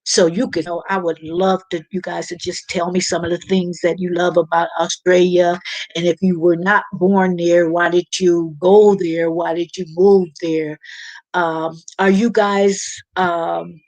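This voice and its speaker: A woman's voice: fairly low pitch, level tone, a little slow, darkish tone, no room sound, low-quality recording. A woman hosting a casual live-stream chat, reading viewers' comments aloud and rambling along with plenty of fillers. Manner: chatty and rambling, with frequent fillers and restarts.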